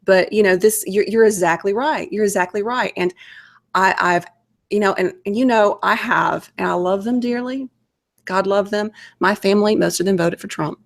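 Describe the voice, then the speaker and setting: A woman's voice: mid-range voice, normal speed, creaky. A woman from Alabama with a Southern US accent, hosting a casual conversation and speaking earnestly, often repeating words as she goes. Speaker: podcast host.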